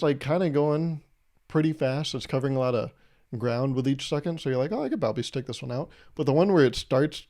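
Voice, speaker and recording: A man's voice: on the high side, a little mellow. A man in his twenties hosting his own podcast, rambling through a casual solo monologue with self-deprecating jokes and asides. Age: 20s. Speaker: podcast host.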